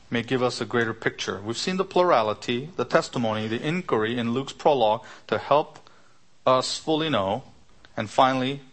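A middle-aged man delivers an expository sermon at a mid-range pitch. He teaches patiently, unpacking Greek word roots and checking in with rhetorical questions. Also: fairly bright tone. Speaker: preacher.

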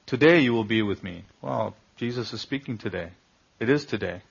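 A man's voice: fairly low pitch, expressive, moderate pace, gravelly, breathy edge, lo-fi sound. A man preaching a sermon, building to emphatic swells and asking the listeners rhetorical questions. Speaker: pastor.

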